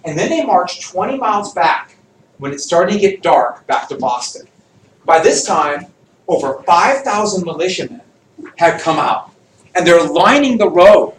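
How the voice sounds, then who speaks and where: Animated teacher in an echoey classroom. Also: male voice, sits high, normal speed, recorded from a distance, slight background noise. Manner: animated, jokey, quizzes the class. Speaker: history teacher. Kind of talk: classroom lecture with student questions.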